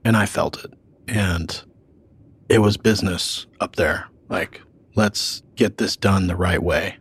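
A man, a police detective, recounting an incident quickly and candidly, swearing casually. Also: sits low, slightly rough.

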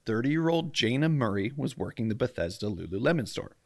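A man's voice: medium pitch, expressive, fairly quick, gravelly, dry recording. A man co-hosting a casual true-crime podcast, chatty and jokey, tripping over names as he tells the story. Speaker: podcast co-host. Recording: dry close mic at home, faint outdoor hum.

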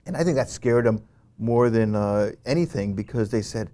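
Animated man telling a story. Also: on the low side, normal speed, slight background noise. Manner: animated, frequent "you know" fillers and restarts. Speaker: interview guest. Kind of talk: conversational storytelling.

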